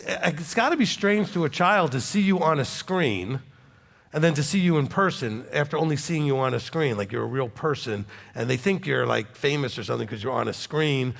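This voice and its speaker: A man's voice: mid-range voice, vocal fry. A man, a rabbi, chatting animatedly while answering congregation questions, with many okays. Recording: long hall reverb.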